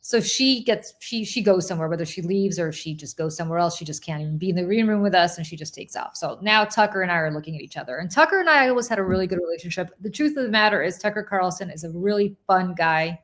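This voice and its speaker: Woman, podcast host, animated storytelling, laughs often. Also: fairly low pitch, fast, few pauses. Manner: animated, laughing, acts out quoted voices. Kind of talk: casual storytelling chat.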